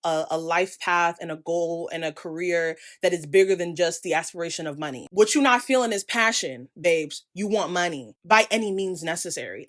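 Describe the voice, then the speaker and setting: Her voice slightly low, a young woman from the United States rants passionately straight to camera in a candid vlog. As a creator and vlogger, she relies on quick asides to stress what she means.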